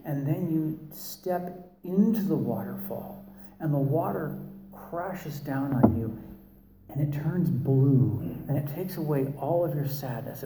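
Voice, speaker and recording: A man imitating a calm female therapist leading a guided meditation in a slow, hushed, soothing voice. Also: mid-range voice, echoey room, a little hiss or hum, close to an everyday voice, low-quality recording.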